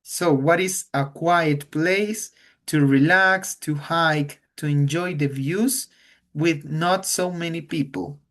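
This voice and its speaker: Slow, patient teacher. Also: male voice, fairly high pitch, a bit bright. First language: Spanish. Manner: slow, patient, repeats words to model pronunciation. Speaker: English teacher. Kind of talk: online English class.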